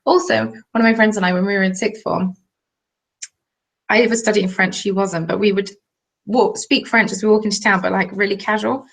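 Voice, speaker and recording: A woman's voice: mid-range voice, steady tone, fairly quick, creaky. A young Englishwoman hosting a casual live knitting stream, chatting in a rambling way and reading out viewer comments. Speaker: host. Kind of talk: casual livestream chat while knitting.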